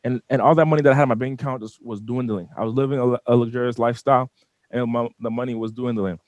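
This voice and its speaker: A man in a studio interview, telling his story with lots of energy and frequent restarts. His voice sits at an ordinary middle pitch, and the recording is dry and close, with no room sound. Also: rapid-fire, no room sound, highs cut off. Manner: animated storyteller who repeats and restarts words. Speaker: business owner guest.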